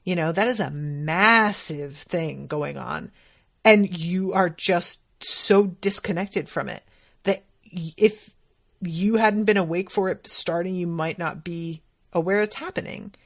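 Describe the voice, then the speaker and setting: A woman hosting a podcast, casually recapping a TV episode in a chatty, candid way and acting out quotes with sudden pitch jumps. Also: a little slow, vocal fry.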